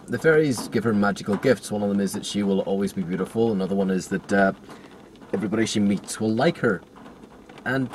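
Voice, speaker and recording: A man's voice: on the low side, darkish tone, slight background noise. A man retelling a film plot in casual chat with a sarcastic, jokey manner.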